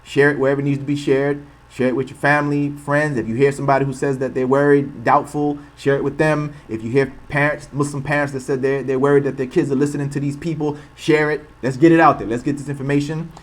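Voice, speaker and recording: Male stream host, average pitch; impassioned rhetorical commentary, hammers points by repetition. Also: little pitch movement, fast, hardly any pauses. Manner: impassioned, rhetorical, repeats himself for emphasis. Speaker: channel host. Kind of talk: livestream commentary.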